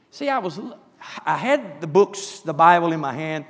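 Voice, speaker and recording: A man preaching a sermon, emphatic, dropping to hushed asides and rising to shouts. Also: high voice, big pitch swings, unhurried, long reverb tail.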